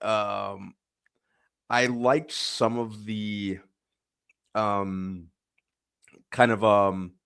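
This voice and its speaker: A man's voice: fairly low pitch, little pitch movement, drawn-out words, vocal fry, pauses often, fairly bright tone, clear, resonant tone, no echo, clean studio sound. A man co-hosting a casual review chat, hesitant with many ums as he gathers his thoughts. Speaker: podcast co-host.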